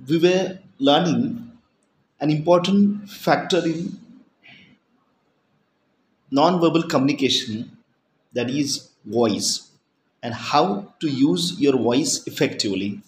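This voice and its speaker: A man giving a recorded lesson, speaking in slow, deliberate phrases with pauses between them. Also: fairly high pitch, animated, a little hiss or hum. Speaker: teacher. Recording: echoey room with faint ambience.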